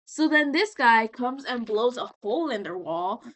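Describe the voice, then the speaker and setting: Tipsy woman rambling with a bright, slightly high voice. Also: lively intonation. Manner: chatty and profane, acts out characters' lines in quick bursts. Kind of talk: casual rambling recap while drawing.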